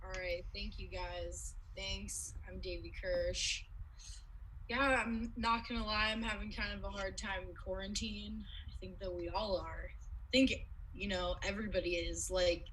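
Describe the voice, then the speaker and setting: Bright-voiced woman stand-up comic. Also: mid-range voice, fairly even intonation, measured pace, slight background noise, rough recording. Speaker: stand-up comedian. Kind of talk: stand-up set on a livestream.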